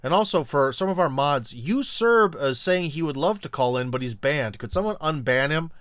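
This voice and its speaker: Smooth-voiced man rambling on a live stream. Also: fairly high pitch, lively intonation, normal speed, a bit bright, dry recording. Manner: rambling, many fillers, laughs mid-sentence. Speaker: show host taking callers. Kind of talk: casual live-stream chat.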